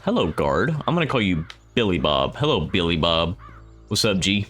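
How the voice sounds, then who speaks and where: Deep-voiced man joking through a game. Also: moderate pace, slightly rough, soft background music. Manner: animated, jokey, reacts aloud and does silly voices. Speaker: gameplay streamer. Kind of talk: let's play commentary.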